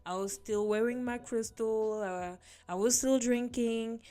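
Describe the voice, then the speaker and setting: Slow-talking woman with a mellow voice. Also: on the high side, fairly even intonation. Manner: earnest, storytelling, addresses viewers as guys. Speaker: vlogger sharing her testimony. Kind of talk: casual personal testimony. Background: soft background music.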